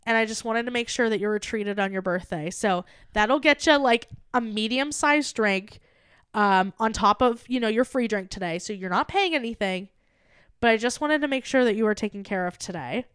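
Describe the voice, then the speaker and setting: A young adult woman co-hosting a podcast, telling an animated story in casual chat and acting out the quoted lines. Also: fairly high pitch, moderate pace, clear, resonant tone, no echo, studio quality. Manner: animated, acts out quoted dialogue. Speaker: podcast co-host.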